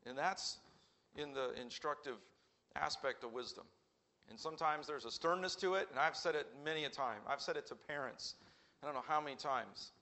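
A man's voice: fairly high pitch, moderate pace, pushed and bright. A man preaching an earnest sermon in a church, asking rhetorical questions and acting out quoted voices. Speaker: pastor.

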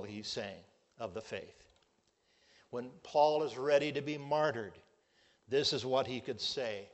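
A male pastor preaching a sermon, measured and emphatic, drawing out his key words. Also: medium pitch.

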